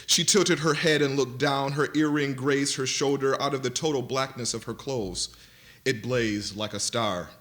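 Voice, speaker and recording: A man on a panel reading a novel excerpt aloud in an expressive, dramatic style, slowing down for vivid images. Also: mid-range voice. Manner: dramatic, varied delivery that slows for vivid images. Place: university lecture event.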